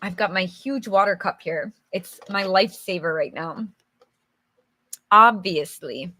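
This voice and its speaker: Bright-voiced, slow-paced woman teaching English. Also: mid-range voice, dry recording. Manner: chatty and encouraging, answers viewers' comments by name; acts out examples with sighs and groans. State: slightly losing her voice. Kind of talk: live English storybook lesson.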